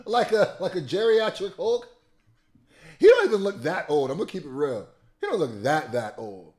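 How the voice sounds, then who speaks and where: A man, a rapper, giving casual, animated commentary full of slang and exclamations while reacting to a music video. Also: high-pitched, normal speed.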